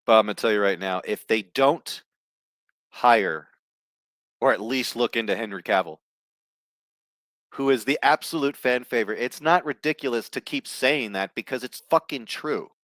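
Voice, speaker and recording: A man's voice: mid-range voice, normal speed, a bit bright, dry recording. A man ranting on a movie news show, blunt and profane, reading headlines aloud and tossing in asides. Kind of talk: casual ranting commentary.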